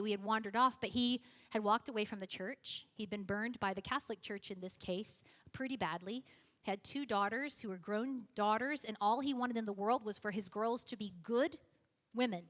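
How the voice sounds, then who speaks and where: A woman speaking at a church, telling a story in a lively way and acting out the dialogue. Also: medium pitch, long reverb tail. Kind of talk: storytelling sermon.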